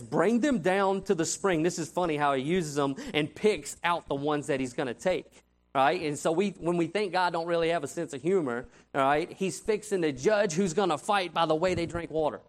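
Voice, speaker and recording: A man's voice: on the high side, normal speed. A man preaching a conversational sermon as a youth pastor, telling stories animatedly and asking "right?" often. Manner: animated storytelling, frequent "right?" asides.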